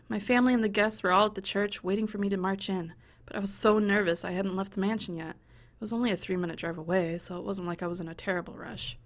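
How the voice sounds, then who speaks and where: Playing a visual novel, a young let's play host reads the narrative aloud quickly in a mid-range voice. Faint music sits underneath while she throws in expressive asides, swearing and joking.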